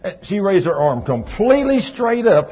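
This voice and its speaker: A man's voice: high voice, very animated, moderate pace, slightly rough. Folksy preacher man, lo-fi. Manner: folksy, swings from hushed retelling to loud praise. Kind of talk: sermon storytelling. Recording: dull lo-fi recording with faint noise.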